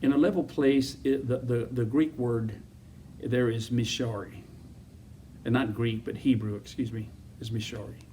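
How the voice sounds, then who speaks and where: A man's voice: mid-range voice, fairly even intonation, normal speed, warm tone, recorded from a distance, slight background noise. A man preaching a sermon as pastor, emphatic and repetitive, full of rhetorical questions.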